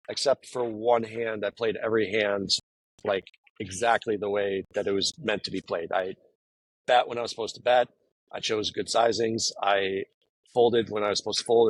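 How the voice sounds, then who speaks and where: A man's voice: on the low side, no echo, poor audio. A man talking casually as an interview guest, rambling with many fillers and restarts. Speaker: guest, professional poker player. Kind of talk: casual conversation.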